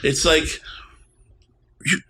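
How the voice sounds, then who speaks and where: A man in his thirties co-hosts a casual podcast, ranting bluntly and swearing freely. He draws out his words in a sharp tone, with slight background noise behind him.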